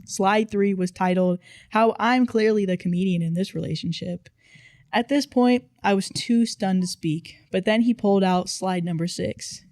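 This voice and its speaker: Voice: medium pitch, moderate pace, a little mellow, no room sound. A narrator reading online posts aloud in casual storytime style, with dry, playful emphasis.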